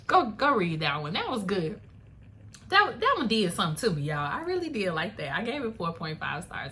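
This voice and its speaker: A young woman talking through books in a casual, animated way, full of "like" and "y'all", with laughing asides. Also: medium pitch, brisk, slight background noise. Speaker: book reviewer. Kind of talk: casual chat. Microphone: phone camera.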